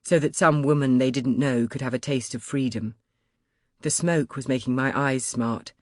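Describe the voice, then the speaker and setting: A woman narrating an audiobook in the first person, dramatic and building to loud shouts in the dialogue. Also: a bass voice, steady tone, normal speed, no echo, clean studio sound.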